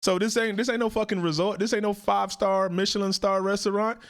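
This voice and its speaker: Man, reaction host, casual ranting commentary, profane, fairly high voice. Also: fast, hardly any pauses. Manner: blunt, profane, animated ranting.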